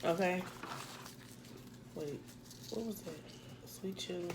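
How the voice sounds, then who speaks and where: A woman's voice: lowish voice, takes it slowly, very noisy. A woman chatting casually to viewers while eating, talking them through the food at home. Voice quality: chatty, addresses viewers as y'all. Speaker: family vlogger. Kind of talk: casual mukbang chat.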